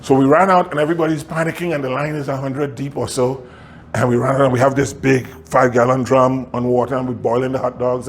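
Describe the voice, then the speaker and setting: Animated man preaching a story. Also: medium pitch, slight background noise. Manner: animated, laughs often, acts out quotes. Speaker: pastor. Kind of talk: sermon storytelling.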